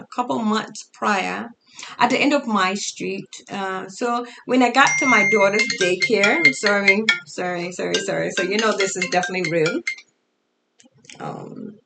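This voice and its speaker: Woman with an altered foreign-sounding speech, gravelly. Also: medium pitch, bright, forceful tone, a little hiss or hum. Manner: halting, with fillers and restarts. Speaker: storyteller sharing her life. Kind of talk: casual personal storytelling.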